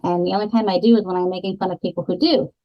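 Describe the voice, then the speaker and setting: A woman co-hosting a podcast, chatting in a relaxed, talkative way with some fillers. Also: lowish voice, racing. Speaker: podcast co-host. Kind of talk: casual book chat. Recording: slightly dull lo-fi podcast audio.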